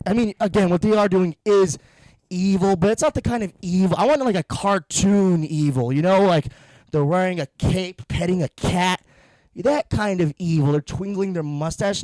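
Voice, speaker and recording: A man's voice: high voice, animated, moderate pace, darkish tone, no room sound. A young man ranting through a profane, sarcastic comedy monologue, a little out of breath from pacing. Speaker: podcast host.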